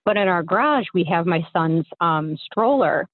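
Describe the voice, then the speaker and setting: A woman's voice: on the low side, expressive, normal speed, no echo. A young woman caller casually telling a story, rambling with lots of fillers, heard over a tinny phone line.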